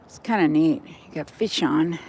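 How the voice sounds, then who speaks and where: A woman's voice: low-pitched, moderate pace, noisy background. An older woman rambling through a walk-and-talk vlog outdoors by a river, chatting straight to her viewers on a handheld phone. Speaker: vlogger. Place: outdoors by a river in cold weather.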